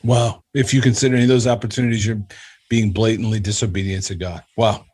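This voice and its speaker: A man's voice: fairly low pitch, steady tone, fast, crowd noise. A man hosting an interview, reacting with short affirmations and repeating back what the guest says. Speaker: podcast host. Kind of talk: casual interview.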